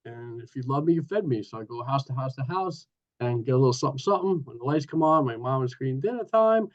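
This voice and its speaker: A man's voice: mid-range voice, fast. Guy in his 60s from new york sharing at a meeting, chatty and playful, kinda muffled lo-fi call audio. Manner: lively storytelling with playful asides. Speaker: recovery meeting speaker. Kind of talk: personal recovery share. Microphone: video call.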